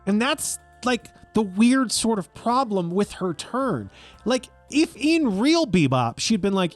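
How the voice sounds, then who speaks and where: Lively, sarcastic young man ranting. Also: extremely high pitch, normal speed, soft background music. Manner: animated, profane and sarcastic, acts out quotes. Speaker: video essay host. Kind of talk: opinionated commentary.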